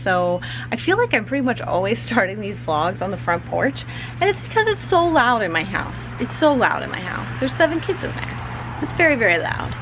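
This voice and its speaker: A woman's voice: a little high, sing-song, normal speed, noisy background. A woman in her thirties chatting casually to camera from her front porch, laughing now and then as she talks. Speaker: vlogger, mother. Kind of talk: casual vlog chat.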